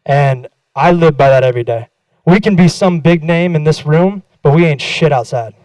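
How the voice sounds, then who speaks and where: A young man gives a casual, candid talk on a conference stage in a fairly high-pitched, darkish voice at normal speed. He swears freely, pokes fun at himself, and acts out the exchanges in his own anecdotes. The recording is dry and rough.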